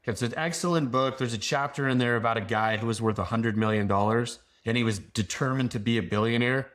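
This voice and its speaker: A man's voice: mid-range voice, a little fast, a bit bright. A man guest on a business podcast, talking confidently and a bit rambling, full of "like" fillers as he gives advice. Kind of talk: casual podcast conversation.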